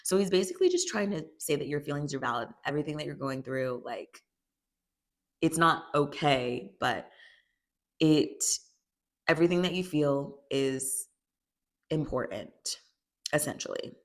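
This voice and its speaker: A woman's voice: deep voice, a little slow, long pauses. A young woman casually recapping a TV series episode by episode, chatty and full of "like," acting out the characters' lines as she goes. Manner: chatty, acts out quotes with "she's like". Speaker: show recapper.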